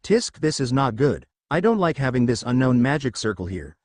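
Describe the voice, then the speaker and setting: A man's voice: medium pitch, very animated, moderate pace, close to an everyday voice. A man voicing a tense young woman army commander who barks orders and snaps back with retorts.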